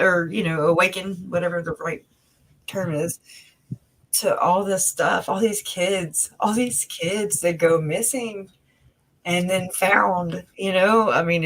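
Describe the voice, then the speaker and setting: A woman's voice: lowish voice, low-quality recording. A woman speaking as an interview guest on a video call, rambling and earnest, with many fillers and restarts. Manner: emotional, earnest. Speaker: interview guest, family member of the victims. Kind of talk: casual conversational interview.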